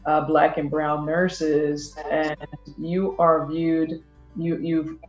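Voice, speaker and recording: A podcast host speaks at a middle pitch and asks questions thoughtfully, pausing often and filling gaps with fillers. The voice sounds roomy and a little muffled, like a lo-fi home recording. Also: flat delivery, faint music behind. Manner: thoughtful, halting, many fillers. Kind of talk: podcast interview.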